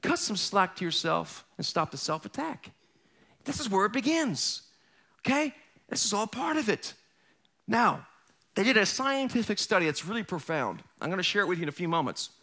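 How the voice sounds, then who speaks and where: A middle-aged male pastor delivering a sermon, high-pitched for a man and bright in tone. He preaches in an animated, joking way, swinging from loud punchlines to quiet asides and tossing in quick character impressions.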